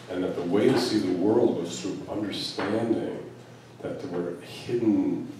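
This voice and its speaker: Man, low voice, mellow tone, storytelling spiritual talk, echoey hall, distant mic. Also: a little hiss or hum. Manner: storytelling, musing, chuckling often. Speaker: Sufi teacher. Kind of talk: spiritual talk to a live gathering. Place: large hall at a spiritual retreat.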